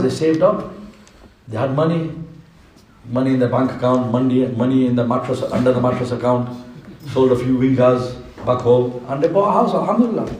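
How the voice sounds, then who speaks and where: A man preaching a sermon in a mosque, telling an animated story with humorous asides. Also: medium pitch. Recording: echoey mosque hall from far off.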